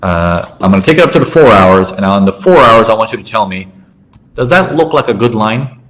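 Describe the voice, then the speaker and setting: Lively lower-voiced man teaching chart trading. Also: fairly quick, low-quality recording. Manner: animated, acts out traders' thoughts in quoted asides. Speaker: trading educator. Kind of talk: chart-walkthrough lesson.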